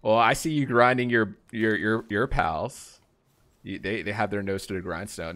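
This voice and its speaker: Gravelly low-voiced male streamer. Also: animated, a little slow, a bit bright. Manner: rambling, chatty, greets viewers by name. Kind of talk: casual live-stream chat with viewers.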